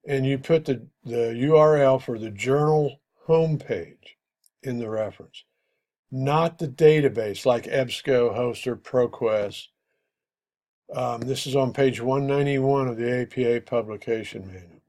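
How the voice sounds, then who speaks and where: A middle-aged male instructor giving a lecture on writing format, halting and explanatory with frequent fillers. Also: medium pitch, a little mellow.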